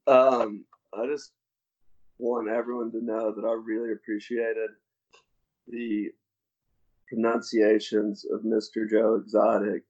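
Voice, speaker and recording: A man's voice: fairly low pitch, level tone, slow, long pauses, a little mellow. A man co-hosting a podcast in casual chat, laid-back and hesitant, with frequent ums. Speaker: podcast co-host. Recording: dull lo-fi podcast audio.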